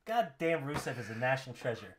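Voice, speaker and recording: A young man co-hosting a casual wrestling podcast, animated and laughing often as he reads and acts out quotes. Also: mid-range voice, fast, crowd noise. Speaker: podcast co-host.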